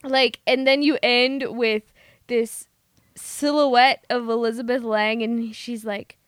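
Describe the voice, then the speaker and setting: A woman's voice: a little high, level tone, smooth, no echo, clean studio sound. A woman co-hosting a podcast, ranting sarcastically in casual movie review chat. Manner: ranting, sarcastic, fast bursts. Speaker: podcast co-host.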